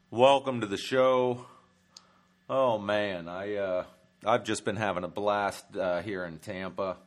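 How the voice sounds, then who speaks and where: A man's voice: on the low side, slow. A man hosting a comedy travel podcast, rambling through a profane monologue with lots of ums and uhs. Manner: rambling, profane, many fillers.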